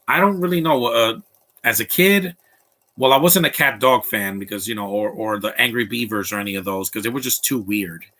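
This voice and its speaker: A man's voice: medium pitch, pushed and bright. A man hosting a live movie commentary stream, blunt and opinionated, rambling with restarts.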